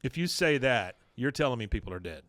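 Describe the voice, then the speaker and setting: A man hosting a podcast, casually recapping a cartoon episode with lively storytelling and quick side comments. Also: medium pitch, dry recording. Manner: animated storyteller, acts out quoted lines. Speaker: podcast host.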